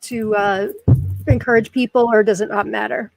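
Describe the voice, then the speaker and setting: A woman's voice: mid-range voice, steady tone, normal speed, vocal fry, no echo, soft background music. An American woman hosting a live interview, bubbly and self-deprecating, laughing often and using many fillers. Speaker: host. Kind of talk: live-stream interview chat.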